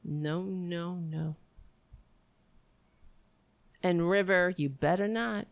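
Speaking extremely slowly and pausing often, a woman with a lowish voice rambles through her livestream sign-off. She vents affectionately to her viewers in casual chat. There's no room sound.

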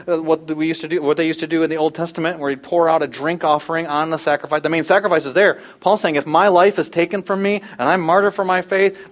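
A man delivering a sermon from the pulpit. His voice sits a little high. He shifts between quiet explanation and sudden loud, raised impressions of the people he quotes. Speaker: pastor.

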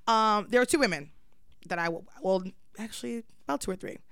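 A young adult woman hosting a podcast, telling a story in lively, profane slang. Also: mid-range voice, a little fast, vocal fry, smooth, no room sound, studio quality. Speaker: podcast host. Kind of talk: casual chat, storytelling.

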